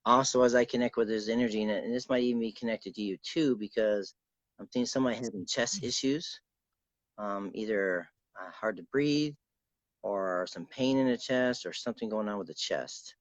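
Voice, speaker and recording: A man acting as a spirit medium, guiding a sitter and calling out to spirits in a soft, reassuring way. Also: on the low side, normal speed, dry recording, muffled recording. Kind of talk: guided spirit session.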